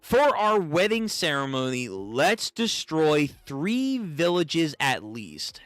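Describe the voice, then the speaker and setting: A devoted, bloodthirsty young bride-to-be from a manga, read aloud by a man. The lines come flat and unhurried, in a bright voice with lively pitch. The sound is dry and close. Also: dry recording, soft background music, heavily acted. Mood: deadpan.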